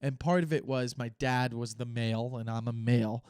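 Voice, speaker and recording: A young man hosting his own podcast, thinking aloud in a rambling, unscripted way with pauses and restarts. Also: medium pitch, fairly even intonation, a little mellow, smooth, no echo, clean studio sound. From United States. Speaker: podcast host. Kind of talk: casual solo podcast talk.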